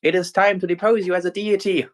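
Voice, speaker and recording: A man voicing a cheerful, bubbly young AI girl hero in a fan story reading, with excited squealing outbursts. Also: sits high, quick pace, voice pushed up, lightly acted. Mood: determined.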